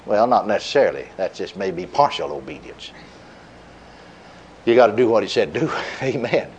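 A man's voice: normal speed, gravelly, a little hiss or hum. A middle-aged man preaching a sermon, telling a story in a folksy way with chuckles and repeated words. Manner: lively pitch, dropping low at line ends.

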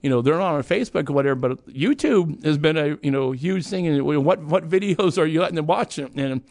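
Middle-aged man, slightly raised pitch, casual rambling chat, lots of fillers and restarts. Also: lively intonation, brisk, vocal fry, darkish tone.

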